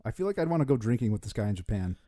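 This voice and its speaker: A man with a mellow, relaxed tone whose pitch leaps around a lot makes jokey, playful asides. He chats loosely about a movie and the beer with his co-hosts. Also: rapid-fire. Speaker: podcast co-host. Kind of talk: casual chat over beer and a movie.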